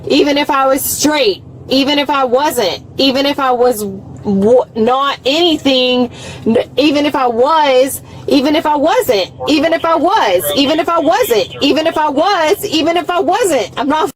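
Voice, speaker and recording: A woman's voice: sits high, a little slow, rough recording. A woman in her thirties, an arrested driver arguing inside a police car, belligerent, swearing and repeating herself, caught on a body camera. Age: 30s. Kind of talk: heated argument on bodycam.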